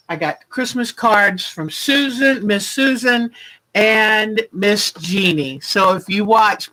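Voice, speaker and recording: A middle-aged woman chats in a rambling, unhurried way. Her voice has a bright edge, and the recording sounds close and dry. She greets her viewers one by one by name. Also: mid-range voice, dry recording, low-quality recording. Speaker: quilting livestream host. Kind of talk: casual chat.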